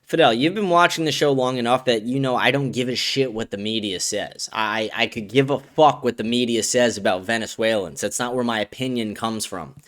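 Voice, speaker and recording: A man's voice: mid-range voice, brisk, hardly any pauses, fairly bright tone. A man hosting a live stream, talking in a blunt, profane, combative way as he reacts to viewer messages. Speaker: host. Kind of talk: casual live-stream commentary.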